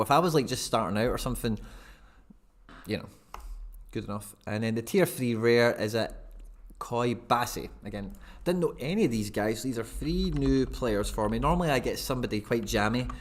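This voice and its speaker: Chatty man, rambling. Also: medium pitch. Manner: rambling, chatty, laughs at himself. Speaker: fantasy football streamer. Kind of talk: casual live-stream commentary.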